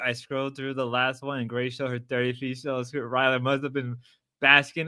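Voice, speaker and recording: A young man hosting a livestream, loud, erratic and crude as he riffs at chat. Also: medium pitch, little pitch movement, moderate pace, clear, resonant tone, dry recording. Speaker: livestream host. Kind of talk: casual stream chat.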